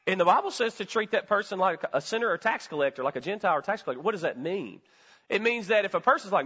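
A man's voice: high-pitched, lively intonation, quick pace, pushed and bright, slightly rough, in a large hall, muffled recording. A male pastor giving a sermon in a conversational, folksy way, often putting questions to the congregation. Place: church sanctuary.

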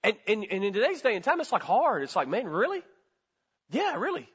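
A man's voice: sits high, huge pitch swings, quick pace, fairly bright tone, husky, long reverb tail, muffled recording. A male pastor giving a sermon in a conversational, folksy way, often putting questions to the congregation. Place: church sanctuary.

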